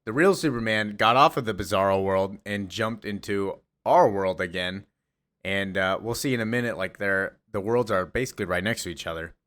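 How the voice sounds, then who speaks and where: A man's voice: fairly low pitch, a bit bright. A young man casually retelling a comic plot in a rambling, offhand way full of fillers. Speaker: voice actor and comic recapper.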